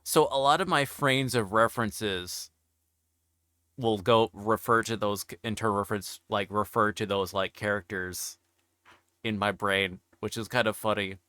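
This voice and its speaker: A man hosts a relaxed livestream interview, wandering through long, meandering explanations. His voice sits a little low yet comes across bright and clean. It is recorded close up in a dry, dead room. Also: a little slow, clear, resonant tone, no echo. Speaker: interview show host. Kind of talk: casual chat on a livestream.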